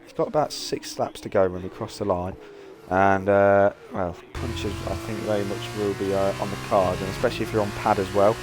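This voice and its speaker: Excitable man calling sim racing. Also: fairly low pitch, a little fast, noisy background. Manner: excitable, swears casually. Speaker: lead commentator.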